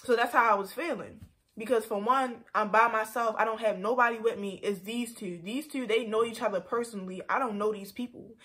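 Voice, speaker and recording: Young woman on a storytime vlog, a bit high-voiced, frank and heated, casual "like"-heavy talk. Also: a little fast, a bit bright. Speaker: vlogger.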